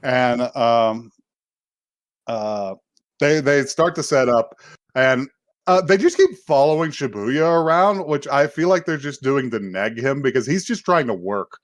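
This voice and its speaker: A man's voice: mid-range voice, animated, unhurried, no room sound, studio quality. A man co-hosting a podcast, casually recapping an anime episode with frequent laughs and restarts. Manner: laughs often, rambling with restarts. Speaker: podcast co-host.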